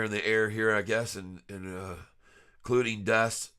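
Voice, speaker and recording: A man's voice: on the low side, little pitch movement, moderate pace, bright, forceful tone, smooth. A man with a stuffed-up nose giving casual, folksy stock-chart commentary to his viewers, chuckling often. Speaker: stock trading vlogger. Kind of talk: casual screen-share commentary.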